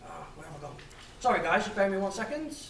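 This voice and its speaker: A man's voice: high voice, big pitch swings, quick pace, vocal fry, fairly bright tone. Young male guest speaker, laughing and chatty, heard from far off in an echoey room with faint background noise. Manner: chatty, laughing, self-deprecating. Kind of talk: public talk with slides.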